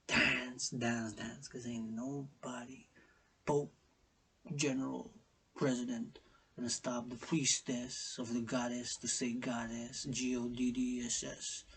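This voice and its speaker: A man giving a rambling spiritual monologue, chanting repeated phrases and swinging from whispers to loud outbursts. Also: medium pitch, slightly rough. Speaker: self-styled priestess and vlogger.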